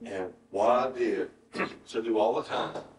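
Pastor preaching in an echoey church. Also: male voice, on the low side, measured pace. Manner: earnest storytelling, often dropping to a hushed, emotional tone. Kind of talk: sermon with personal story and altar call. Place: church sanctuary. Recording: roomy church sound from a distant mic.

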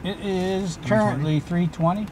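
A man's voice: high-pitched, a little slow, a little mellow, a little hiss or hum. A man on a bounty hunting team who chats casually and banters agreeably with his partner. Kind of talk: casual chat.

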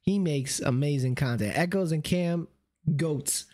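A man's voice: on the high side, a little slow, darkish tone. A man talking on a live stream in a loose, slangy way, often circling back to check he is understood. His voice is getting strained, as he says he is losing it. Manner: slangy, repeats "you see what I'm saying". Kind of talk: casual live-stream commentary.

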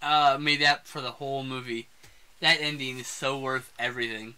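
A man co-hosting a podcast, chatting casually about a movie and ranting excitedly with lots of swearing. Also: mid-range voice, normal speed, clean tone. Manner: excitable, profane, laughing rants. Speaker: podcast co-host. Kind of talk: casual movie review chat. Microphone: desk mic on a live stream.

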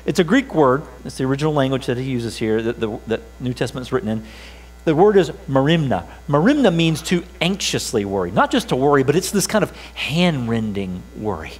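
A man's voice: mid-range voice, sing-song, brisk, poor audio. A pastor preaching a sermon in a church, emphatic and repeating his key phrases.

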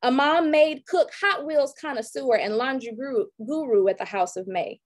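A woman's voice: high-pitched, moderate pace. A woman in her thirties, an educator from Detroit, giving an online workshop talk and reciting a rhyming, rhythmic poem about herself over a video call. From Detroit, raised in Georgia. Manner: rhythmic, rhyming poetic delivery.

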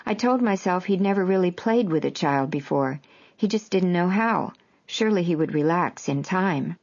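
A woman with a very low voice narrates her memoir in a measured, even way. The audio is dull and lo-fi, with little top end.

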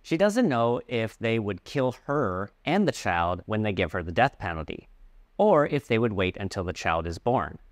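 A man teaching English, reading a story aloud and clearly explaining words along the way. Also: lowish voice, big pitch swings, moderate pace, dry recording.

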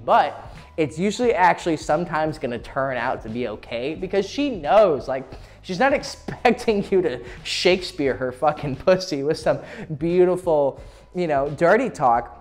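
A man's voice: on the high side, lively intonation, moderate pace. A man giving casual, profane dating advice, laughing often as he talks. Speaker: dating coach. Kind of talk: casual instructional talk.

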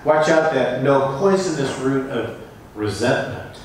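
A man's voice: medium pitch, expressive, a little slow, slight background noise. A male pastor preaching a sermon, reading scripture with dramatic rises in his voice. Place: church sanctuary. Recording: echoey church hall from far off.

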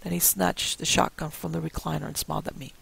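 A man narrating a first-person spooky story in a measured, suspenseful way. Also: on the high side, level tone, vocal fry, a bit bright, slightly rough, rough recording.

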